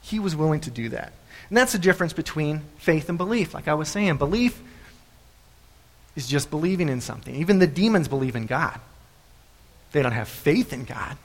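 A man preaching a sermon, telling the story in an animated way and repeating phrases for emphasis. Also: a little high, a little fast, pauses often. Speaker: pastor. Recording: echoey hall.

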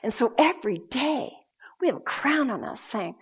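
A woman preaching a sermon, swinging between loud emphasis and hushed, quiet passages. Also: sits high, lively intonation, moderate pace, slightly rough. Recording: dull lo-fi sound.

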